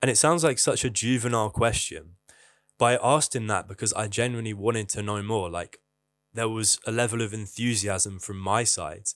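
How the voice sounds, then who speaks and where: A man's voice: on the low side, normal speed, fairly bright tone, no echo. A young man giving candid, casual advice to camera, swearing freely. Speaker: vlogger.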